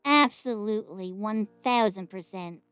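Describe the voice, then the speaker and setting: A woman's voice: medium pitch, unhurried, a bit bright, smooth, no echo, faint music behind. A woman wrapping up a reaction video in a chatty, rambling, giggly way. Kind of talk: casual reaction outro.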